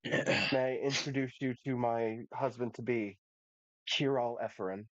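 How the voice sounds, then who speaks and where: A proud young woman magistrate, as a man voices her, whose formal, measured speech holds back her joy. The sound is dry and a little dull and lo-fi. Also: mid-range voice, fairly even intonation, a bit bright, no echo, lightly acted.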